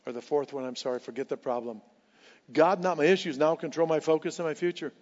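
A pastor preaches a sermon at a quick pace with fervor, hammering home key lines through repetition and swinging between hushed and loud, his voice sitting a little high. The audio is dull and muffled with a long hall reverb, as if recorded in a church sanctuary.

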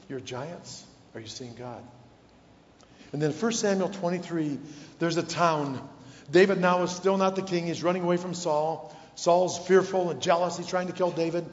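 A man's voice: on the high side, normal speed, slight background noise. Preacher man in an echoey hall. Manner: rhetorical questions, drops to a hush for emphasis. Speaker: pastor. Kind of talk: sermon. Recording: dull, echoey hall sound.

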